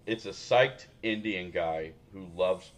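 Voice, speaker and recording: Low-voiced rambling male podcast host. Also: slow pace. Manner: rambling, profane, laughing often. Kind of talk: casual podcast chat.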